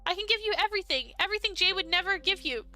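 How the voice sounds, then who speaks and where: A woman's voice: extremely high pitch, lively intonation, rapid-fire, pushed and bright, soft background music, voice pushed up, heavily acted. A woman doing a tearful, lovesick young woman. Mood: pleading. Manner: emotional, pleading.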